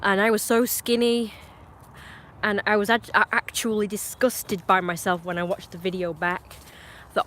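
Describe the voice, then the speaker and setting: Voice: medium pitch, fairly even intonation, normal speed, fairly bright tone, a little hiss or hum. Rambling, opinionated English streamer. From England. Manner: chatty, opinionated, meandering with frequent restarts. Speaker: live streamer. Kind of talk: rambling casual chat on a live stream.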